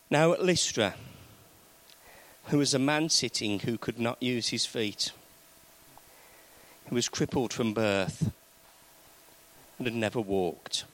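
A man preaching a sermon to a congregation, emphatic, swinging between loud raised peaks and low, quiet stretches. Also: low-quality recording.

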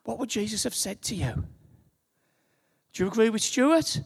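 Brief: unhurried gravelly-voiced preacher, sermon in a church, long hall reverb. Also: mid-range voice, animated. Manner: slow, building to loud emphatic preaching.

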